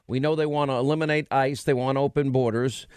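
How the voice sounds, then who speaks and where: A man hosting a political talk radio show, talking in an emphatic, rhetorical way with quick restarts. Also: medium pitch, fairly even intonation, darkish tone, clean tone, no echo, clean studio sound.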